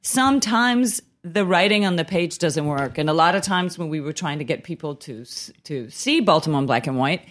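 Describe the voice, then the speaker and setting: A woman's voice: sits low, expressive, normal speed, few pauses. A woman sharing firm opinions in a casual chat, explaining with examples. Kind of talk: casual conversation.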